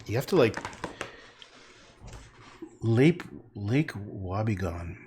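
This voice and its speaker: A man's voice: fairly low pitch, animated, measured pace, a little mellow, slight background noise. A man painting on a livestream, rambling, joking and swearing as he talks to his chat.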